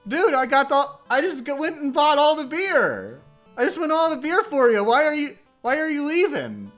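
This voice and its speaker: Gushy over-eager rich dude, high squeaky voice, streamer putting it on. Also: big pitch swings, normal speed, a bit bright, faint music behind. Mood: bewildered. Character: gushing eager rich male host.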